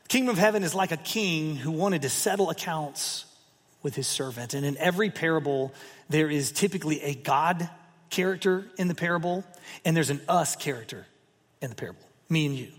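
A man preaching a sermon and retelling a parable with animated, emphatic repetitions. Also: a little high, a little fast. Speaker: pastor. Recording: long reverb of a hall.

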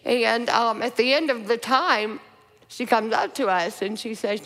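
A middle-aged woman telling a story in conversation as a guest, lively and animated, jumping in often. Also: a little high, a little slow. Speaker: guest, camp co-founder. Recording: reverberant room.

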